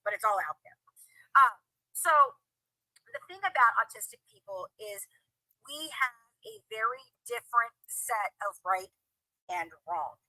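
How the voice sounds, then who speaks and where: Animated woman retelling a story. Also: fairly high pitch, no room sound, low-quality recording. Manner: animated storytelling, acts out quoted voices. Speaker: guest. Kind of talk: casual interview chat. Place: live stream video call.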